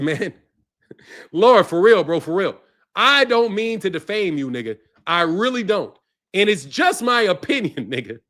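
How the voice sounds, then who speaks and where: A man's voice: high-pitched, a bit bright. A man hosting his boxing channel, ranting in a profane, mocking way and laughing often. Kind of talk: ranting commentary.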